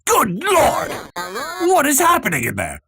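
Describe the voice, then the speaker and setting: Gruff cartoon superintendent, older, suspicious and deadpan, slow low delivery, done by a male streamer. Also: very noisy.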